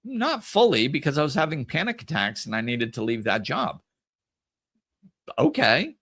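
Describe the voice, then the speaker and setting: A man hosting a podcast in a casual solo monologue, telling stories in an animated way and repeating phrases for emphasis. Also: mid-range voice, moderate pace. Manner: animated storytelling, acts out conversations. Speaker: podcast host.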